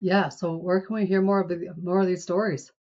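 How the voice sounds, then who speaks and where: Lower-voiced woman host, warm encouraging chat, bit muffled lo-fi audio. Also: flat delivery, a little fast. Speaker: podcast host. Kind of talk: interview podcast chat.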